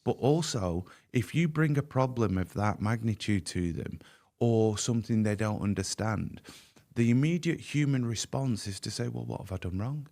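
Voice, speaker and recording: A man with a slightly low voice speaks candidly as a podcast guest. He is earnest and emphatic, and he often doubles back on his words as he makes his point. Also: expressive, moderate pace, mellow.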